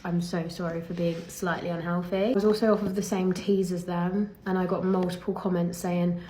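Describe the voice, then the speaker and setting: A woman's voice: fairly low pitch, mellow, a little hiss or hum. A young woman with an English accent, a professional golfer, talking casually to camera in a vlog rant. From England. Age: young adult.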